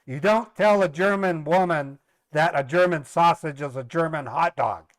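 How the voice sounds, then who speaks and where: A man's voice: on the high side, moderate pace, dry recording. A middle-aged man casually telling family stories on a livestream, rambling, repeating words and laughing at his own jokes. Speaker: live streamer and scambaiter.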